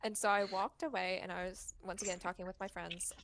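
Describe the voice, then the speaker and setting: A woman's voice: medium pitch, fairly even intonation, a little fast, fairly bright tone, slight background noise. A young woman co-hosting a casual podcast, telling a story in a chatty way, acting out what people said and laughing often. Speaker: podcast co-host.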